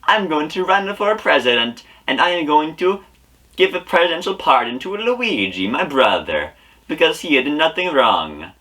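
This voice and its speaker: Mario, a man straining into squeaky falsetto. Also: very animated, moderate pace, bright, forceful tone, heavily acted. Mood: manic. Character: cheerful male plumber hero, manic.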